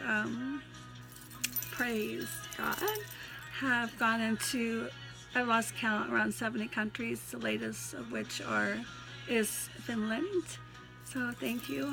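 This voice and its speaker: A woman with a Tennessee twang, reciting her poetry and then chatting folksily to her viewers, her voice going hoarse. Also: a little high. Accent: Tennessee Southern twang. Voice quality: folksy, affectionate, calls listeners hon. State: losing her voice. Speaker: Christian poet and vlogger. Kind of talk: poetry recitation and casual chat to camera.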